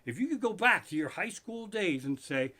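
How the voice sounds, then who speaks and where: A middle-aged man hosting a live stream from his living room, telling a profane comic story that builds into loud, swearing rants. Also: sits high, sing-song, moderate pace.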